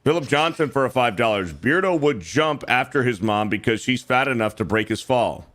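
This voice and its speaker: A man's voice: medium pitch, expressive, normal speed, fairly bright tone. A man co-hosting a livestream, reading out donation messages in crude, profane banter. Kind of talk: casual chat.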